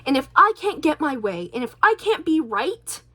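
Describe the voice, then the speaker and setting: A woman's voice: sits high, very animated, normal speed, sharp tone. A woman vlogger talking in a chatty, rambling way, with a stutter and many restarts. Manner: chatty, rambling, self-deprecating. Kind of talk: casual rambling monologue.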